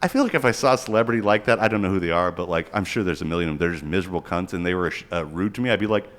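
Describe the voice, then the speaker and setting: A man's voice: deep voice, very fast. A man in his forties, a podcast co-host, ranting profanely in casual chat and slipping into quoted voices. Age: 40s.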